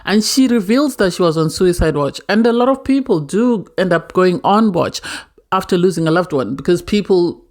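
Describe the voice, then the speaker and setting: A woman's voice: lowish voice, animated, moderate pace, a little mellow. A woman reviewing a reality TV episode in a casual, emotional way, often repeating herself as she talks. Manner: emotional, earnest, repeats words.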